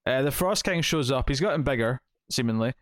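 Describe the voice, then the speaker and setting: A man chats casually through a comic recap, wandering and filling pauses as he goes. His voice sits at an ordinary pitch. The recording is dry, with almost no room sound. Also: lively intonation, no room sound. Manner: rambling recaps with many fillers. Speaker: comic book podcast co-host. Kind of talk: casual chat.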